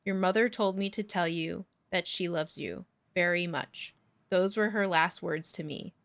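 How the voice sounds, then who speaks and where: A woman's voice: lowish voice, unhurried, fairly bright tone. Enthusiastic woman reading a novel aloud. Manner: enthusiastic, reads passages aloud. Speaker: podcast co-host. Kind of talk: book club chat with read-aloud passages.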